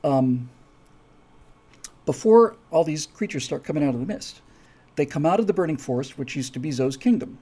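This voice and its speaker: A man's voice: on the high side, lively intonation, moderate pace, long pauses, mellow. A man hosting a live stream, talking casually and rambling with many restarts and asides. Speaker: host.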